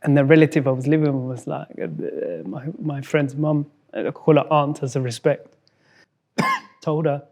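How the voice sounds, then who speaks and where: A man from Somalia, a guest in an interview, telling a personal story in a halting way, repeating words and acting out what others said. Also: fairly high pitch, huge pitch swings, darkish tone. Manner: halting, repeats words, acts out quoted dialogue.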